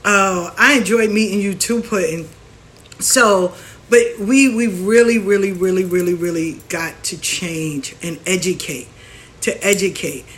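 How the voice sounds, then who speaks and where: In an unhurried, mid-range voice, a woman who hosts her own show and works as a spiritual practitioner rants through a frank, animated, casual monologue, doing impressions of other people.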